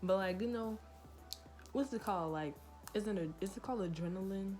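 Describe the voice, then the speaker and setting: A woman's voice: medium pitch, moderate pace, a little mellow, faint music behind. A woman vlogger telling a casual storytime tale with a loose, profane manner and lots of fillers.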